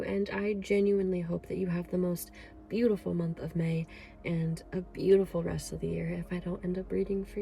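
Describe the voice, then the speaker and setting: A woman's voice: medium pitch, creaky, warm tone. A woman giving an emotional, effusive pick-a-card tarot reading, rambling with fillers. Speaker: tarot reader.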